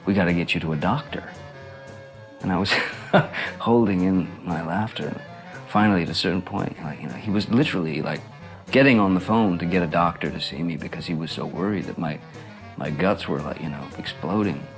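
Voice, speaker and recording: A middle-aged man in an interview, reminiscing in a relaxed, rambling way with lots of fillers and chuckles. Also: deep voice, brisk, faint music behind. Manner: relaxed, rambling, full of "you know"s and laughs.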